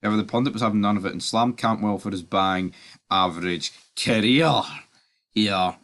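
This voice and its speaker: A man's voice: fairly low pitch, normal speed, a bit bright. A man, ranting about football in a reaction vlog, swearing and talking in fired-up bursts. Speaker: football vlogger.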